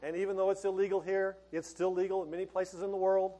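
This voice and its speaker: A man's voice: sits high, flat delivery, fast, mellow. A middle-aged male pastor preaching a sermon in a folksy, conversational way, laughing and restarting as he talks.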